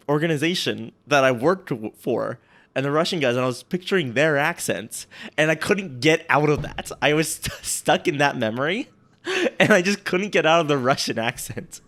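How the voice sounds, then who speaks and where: A man's voice: a little high, lively intonation, normal speed, a bit bright. A man from the United States co-hosting a casual podcast, rambling and self-mocking and laughing easily. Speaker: podcast co-host.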